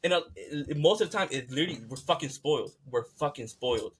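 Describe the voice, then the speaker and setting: In a fairly high, animated, fast voice, a podcast host from the United States goes on a fired-up, profane rant that keeps repeating itself. A slight hiss or hum sits under the recording.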